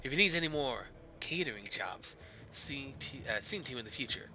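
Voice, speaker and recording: A man voicing a sly, polite Turkish shopkeeper who talks in a formal, smooth, mock-courteous way. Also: on the high side, animated, a little fast, pushed and bright, soft background music, poor audio.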